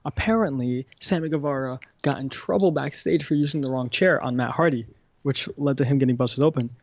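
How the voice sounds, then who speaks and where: A man co-hosting a wrestling podcast, talking excitedly and spinning gossipy theories in a casual chat. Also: medium pitch, a little fast, gravelly, dry recording, dull audio. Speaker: podcast co-host.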